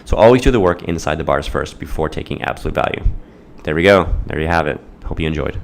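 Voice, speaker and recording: Deep gravelly guy teaching math, playful and jokey, goofy about it. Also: fast, slight background noise. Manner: playful, theatrical, acts out students' voices. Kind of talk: whiteboard math lesson.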